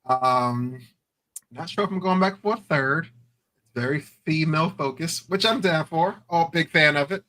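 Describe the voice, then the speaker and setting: A man's voice: on the high side, a little slow, sharp tone, poor audio. A man co-hosting a podcast, talking in a laid-back, slangy way and laughing often. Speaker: podcast co-host. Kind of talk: casual chat.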